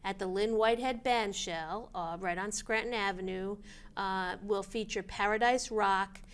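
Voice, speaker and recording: A woman co-hosting a local events show, reading listings in a brisk, chatty way with friendly asides. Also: medium pitch, fairly even intonation, clear, resonant tone. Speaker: chamber of commerce co-host reading event listings. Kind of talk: casual local events chat.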